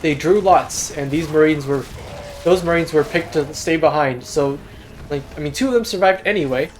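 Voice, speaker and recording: A man's voice: a little high, moderate pace. A young man giving casual, self-deprecating solo commentary on a strategy game replay. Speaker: game caster.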